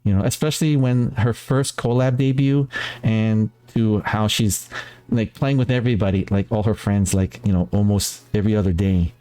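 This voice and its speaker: A man from the Philippines hosting a casual talk stream, rambling in an animated way and laughing often. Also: on the low side, moderate pace. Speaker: talk show host. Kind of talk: casual chat.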